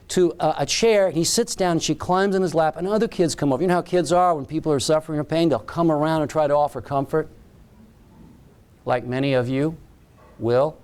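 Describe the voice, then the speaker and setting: A man's voice: on the high side, darkish tone. Man telling a story in a keynote speech. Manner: dramatic storyteller, short emphatic phrases. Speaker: keynote speaker.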